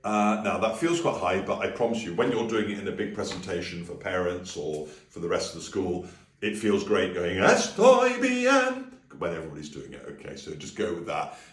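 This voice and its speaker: A man leading a friendly singing and language lesson, breaking into high sung phrases to demonstrate. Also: brisk, echoey room, recorded from a distance. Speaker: music teacher.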